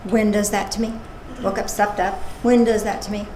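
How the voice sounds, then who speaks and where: A woman minister giving a casual, playful sermon with animated asides. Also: medium pitch, moderate pace. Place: church service. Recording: echoey room with faint noise.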